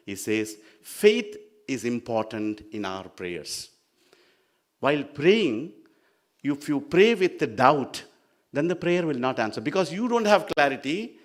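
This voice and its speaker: A man giving an earnest devotional talk, explaining with emphasis and stories. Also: mid-range voice. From India. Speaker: spiritual speaker.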